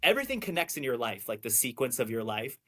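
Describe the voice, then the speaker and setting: Excitable man telling a bright story. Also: mid-range voice. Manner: animated, excitable, quick asides, laughs often. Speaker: podcast guest, clothing brand owner. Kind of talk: casual storytelling chat.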